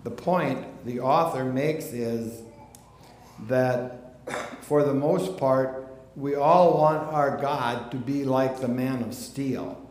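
A man preaching a sermon in an unhurried way, dropping to a hush on quiet phrases. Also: mid-range voice. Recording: echoey room with faint ambience.

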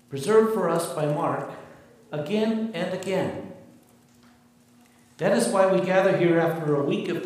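A man preaches a sermon with emphatic, deliberate phrasing, his delivery unhurried. His fairly high voice rings through a very echoey church, picked up from some distance. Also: a little mellow, slight background noise. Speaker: pastor. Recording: very echoey hall, mic far off.

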